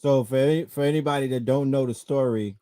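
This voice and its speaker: A man's voice: medium pitch, fairly even intonation, quick pace, dark tone, no echo, clean studio sound. A man hosting a podcast who sets up clips in a laid-back, amused way. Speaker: podcast host. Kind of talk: casual chat.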